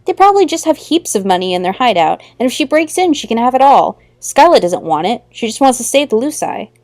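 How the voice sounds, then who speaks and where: A woman's voice: on the high side, sing-song, fairly quick, darkish tone, no room sound. A woman hosting a let's play, reading a visual novel aloud in a playful way. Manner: playful, laughs at her own slips.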